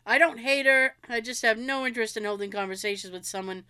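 A woman's voice: on the high side, quick pace, clear, resonant tone. A woman co-hosting a casual podcast chat, telling stories animatedly and laughing often. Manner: giggly, animated storytelling with frequent laughs. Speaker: podcast co-host.

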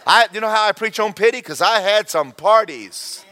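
A man preaches in a folksy, animated way. His voice sits high for a man and has a bright, forceful edge. He talks straight to the congregation, repeating phrases and throwing in shouted asides. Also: moderate pace. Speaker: pastor. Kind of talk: sermon.

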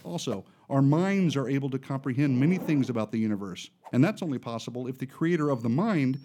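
A man giving scripted narration in a steady, explanatory way. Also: mid-range voice, fairly quick, slight background noise. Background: music.

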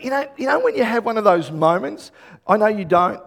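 A male pastor preaching an animated sermon, telling stories and rising to loud bursts. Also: sits high, a little fast, vocal fry.

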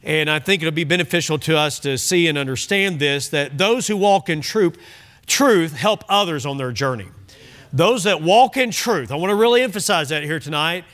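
A man's voice: on the high side, lively intonation, moderate pace, a bit bright. A man pastor preaching a sermon, emphatic and fond of repeating key phrases.

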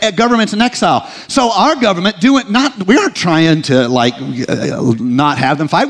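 A man giving a humorous live talk to an audience, conversational, with joking asides and frequent restarts. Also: high voice. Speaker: speaker addressing an audience.

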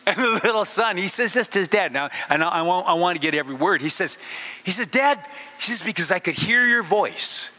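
Male preacher, high voice, very bright, halting repeats, echoey hall. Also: expressive. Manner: halting, repeats words, swings from loud to hushed. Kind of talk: sermon storytelling.

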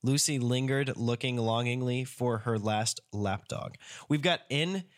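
A man's voice: mid-range voice, unhurried. A man co-hosting a casual podcast, reading tongue twisters aloud and coaching his partner through them. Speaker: podcast co-host leading the exercises.

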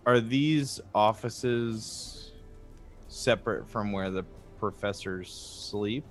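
A man with a lowish voice speaks in character during a tabletop game. He takes his time, in an unhurried, folksy drawl with easygoing slang. Faint music plays behind him. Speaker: player. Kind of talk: in-character tabletop role-play.

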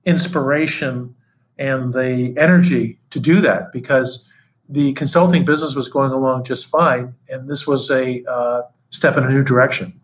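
A man's voice: mid-range voice, fairly even intonation, normal speed, poor audio. An older man, interviewer and former colleague, reminiscing in conversation and telling stories. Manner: storytelling, acts out quotes.

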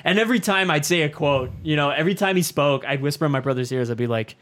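A man's voice: on the high side, fast talker, a bit bright. A man co-hosting a casual podcast, talking enthusiastically about movie news and rambling with restarts. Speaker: podcast co-host. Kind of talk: casual chat.

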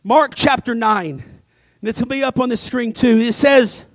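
A male pastor preaching a dramatic sermon, swinging between loud emphasis and hushed asides. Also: extremely high pitch, normal speed, dry recording. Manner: acts out scripture voices.

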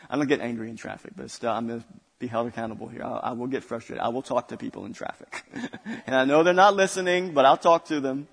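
A man's voice: medium pitch, vocal fry, husky, big-room sound. A male pastor preaching a sermon, building intensity through repeated phrases. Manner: preaching with rising intensity and repetition.

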